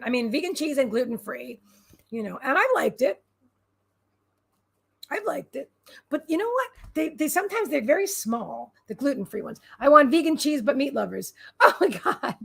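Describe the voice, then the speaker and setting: High, gravelly-voiced woman chatting. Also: fairly bright tone. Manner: rambling and bubbly, answers chat comments aloud. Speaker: livestream host and psychic reader. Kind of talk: casual livestream chat with viewers.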